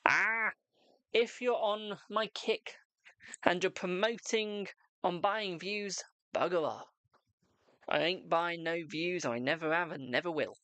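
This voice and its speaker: A chatty man reads tarot on a live stream, casually talking with viewers and affectionately calling them darling and boo. His voice is high-pitched, slow, sharp in tone yet smooth, and recorded dry.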